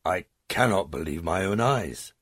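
A man's voice: low voice, animated, unhurried, fairly bright tone, breathy edge, no room sound, clean studio sound, pitched above the performer's own voice, full character voice. A man voicing a fierce, protective female dragon warrior in an audiobook, speaking with defiant force. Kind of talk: audiobook character voice.

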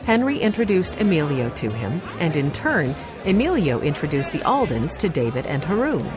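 A woman reading a children's mystery aloud as an audiobook narrator, in a calm, even storytelling manner. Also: deep voice, normal speed. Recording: background music under narration.

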